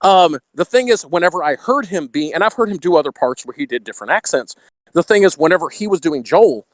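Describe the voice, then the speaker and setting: A chatty man with a Texan accent talks as a podcast guest, his voice sitting a little high for a man. He laughs between thoughts and keeps a slight radio polish on his delivery. The sound is dry and close, with no room around it. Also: animated, quick pace, no echo. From Texas. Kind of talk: casual podcast chat.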